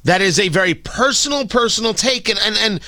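A man's voice: high voice, animated, a little fast, pushed and bright, dry recording, clean studio sound. A man hosting an opinion commentary monologue, sardonic and opinionated, firing off emphatic rhetorical questions. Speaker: commentary show host.

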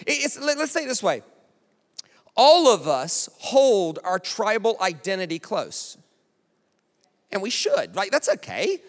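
An American man preaching a sermon in a chatty, animated way, often checking in with the crowd. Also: high voice, unhurried, long pauses. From United States. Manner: conversational, animated, keeps asking "right?". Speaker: pastor. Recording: long hall reverb.

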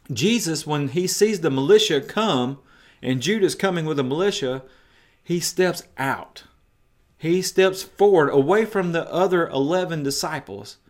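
Emphatic male preacher, slightly high voice. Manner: emphatic, retelling the story in vivid detail. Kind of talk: sermon.

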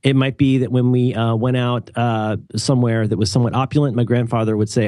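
A man's voice: mid-range voice, brisk, no echo, clean studio sound. A man co-hosting a podcast, telling rambling wry stories in casual chat. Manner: wry, rambling, animated storytelling. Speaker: podcast co-host.

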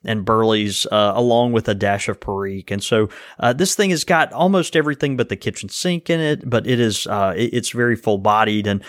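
A man's voice: fairly low pitch, brisk, few pauses, no echo, clean studio sound. A man co-hosting a podcast, reading a sponsor plug and listener mail in an easygoing way with many fillers. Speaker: podcast co-host. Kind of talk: casual podcast chat with ad read.

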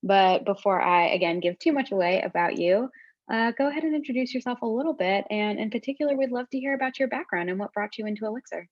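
A woman's voice: mid-range voice, quick pace, muffled recording. A woman hosting a podcast, introducing the panel and guest in an upbeat, enthusiastic way. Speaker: podcast host. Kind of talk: casual podcast chat.

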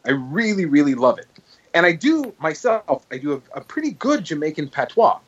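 Husky-voiced man chatting animatedly. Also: a little high, moderate pace, dull audio. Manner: animated storyteller, frequent restarts. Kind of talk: casual chat.

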